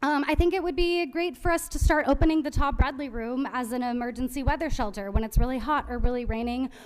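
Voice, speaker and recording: A woman speaking at a city council meeting, her voice sitting a little high and coming across smooth and clear. She talks with a sarcastic, scolding edge. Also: quick pace, big-room sound. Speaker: public commenter. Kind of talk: public comment at a council meeting.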